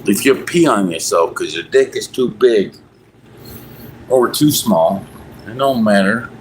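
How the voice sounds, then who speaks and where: A man's voice: on the low side, expressive, unhurried, a little hiss or hum, rough recording. A man livestreaming casually, rambling and joking crudely while talking to his cat.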